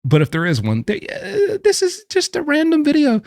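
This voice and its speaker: A man in the middle of a pitch range swings his voice up and down as he rants bluntly, mocking what he reacts to. The sound is dry and close, with no room around it. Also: huge pitch swings, moderate pace, creaky, darkish tone, no room sound. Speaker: commentator who says he knows prison. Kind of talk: opinionated reaction commentary.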